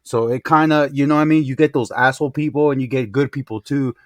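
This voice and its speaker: A man co-hosting a casual podcast, chatting in a relaxed, slangy way. His voice is mid-pitched and sounds dry and close, with no room echo. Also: fast talker. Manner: laid-back slangy agreement, says dog and bro. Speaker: podcast co-host.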